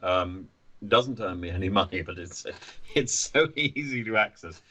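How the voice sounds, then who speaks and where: A man talking as a podcast guest, animated, often stammering and restarting his sentences. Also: low-pitched, unhurried. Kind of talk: conversational podcast interview.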